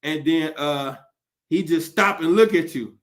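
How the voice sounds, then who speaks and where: A male podcast host in a profane, animated comedic rant, often laughing as he talks. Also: a little high, a little slow.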